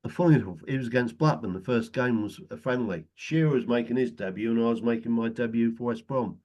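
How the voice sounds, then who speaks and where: A man's voice: medium pitch, quick pace, a little mellow, muffled recording. A middle-aged man chatting casually as a guest, telling anecdotes and chuckling often. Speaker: guest, retired footballer.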